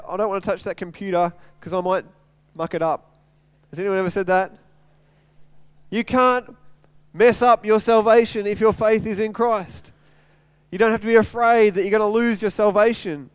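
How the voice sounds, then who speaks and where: Male pastor, higher voice, clear and smooth delivery, earnest sermon with repeated phrases. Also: no echo.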